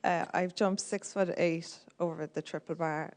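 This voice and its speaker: A woman's voice: on the low side, fairly even intonation, moderate pace, darkish tone. A woman from Ireland answering a host's questions briefly and modestly. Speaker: amateur jockey guest. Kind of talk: interview answers.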